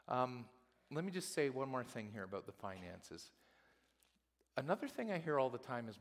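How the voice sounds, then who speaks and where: Male pastor preaching, bright voice, long echoey church reverb. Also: mid-range voice, moderate pace. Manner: animated storytelling, acts out quotes. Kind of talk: sermon. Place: church sanctuary.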